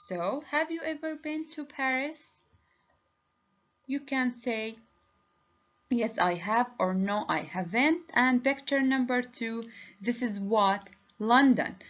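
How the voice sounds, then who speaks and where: A woman English teacher giving a lesson, speaking slowly and deliberately and praising answers. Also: a little high, a bit bright. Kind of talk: recorded classroom lesson. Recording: dull lo-fi recording.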